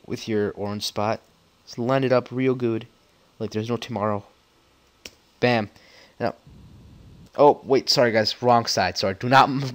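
Jokey young man talking through a game. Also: on the low side. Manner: rambling, jokey and easily flustered. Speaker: gameplay commentator. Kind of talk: casual game tutorial commentary.

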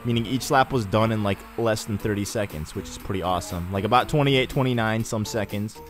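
A young man casually commenting on a racing game as he plays, rambling and chatty with sudden excited bursts. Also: lowish voice, a little fast. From Egyptian heritage. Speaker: let's play host. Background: faint game music.

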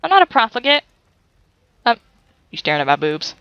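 A woman's voice: a little high, big pitch swings, brisk, a bit bright, lo-fi sound. A young woman commentating a video game, teasing characters and laughing often. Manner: giggly, teasing, breaks into laughter. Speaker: gaming YouTuber. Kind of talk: let's play commentary.

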